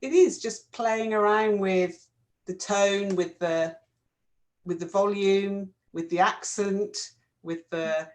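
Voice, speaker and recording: Brief: woman, mid pitch, calm explainer, casual conversational delivery. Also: slow pace. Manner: thoughtful, explaining, gentle fillers. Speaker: co-host. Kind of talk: casual chat.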